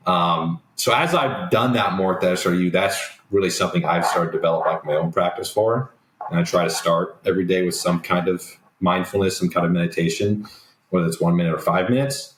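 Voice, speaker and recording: A young man talking as a guest on a remote call, in a relaxed, reflective way with frequent ums. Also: deep voice, fairly quick, background noise. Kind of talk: casual interview talk. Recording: roomy remote call audio.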